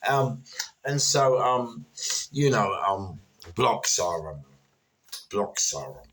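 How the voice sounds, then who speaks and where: A deep, husky man, speaking with a forceful, bright edge. He rambles through casual stories, stumbling over repeated words between plenty of fillers. He sounds middle-aged and unpolished. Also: big pitch swings, slow pace. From London. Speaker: former prisoner telling stories. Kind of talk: casual storytelling.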